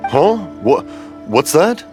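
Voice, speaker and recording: A man's voice: fairly high pitch, sing-song, slow, over loud music. A man voicing a cheerful, hard-of-hearing older father in a video game dub, rambling and often mishearing. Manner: rambling, mishears, laughs warmly.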